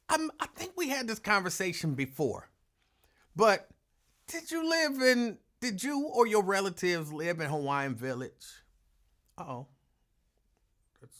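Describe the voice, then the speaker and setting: Slow, easygoing male host. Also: high voice, sharp tone. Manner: laid-back, drawling, breaks into laughter while telling a story. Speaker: radio show host. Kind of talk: casual live show chat, greeting listeners.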